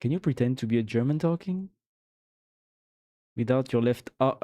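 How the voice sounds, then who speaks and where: A man's voice: medium pitch, moderate pace, pauses often, warm tone. A man with a French accent chatting casually on a live stream, rambling and reading chat aloud; French is his first language. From France.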